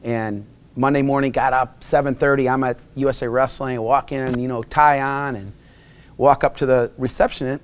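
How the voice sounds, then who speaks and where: A man's voice: mid-range voice, fairly even intonation, moderate pace. A middle-aged man from Wisconsin, telling a rambling personal story in a casual interview, with many restarts. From Wisconsin, USA. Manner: rambling anecdotes with frequent restarts and acted quotes.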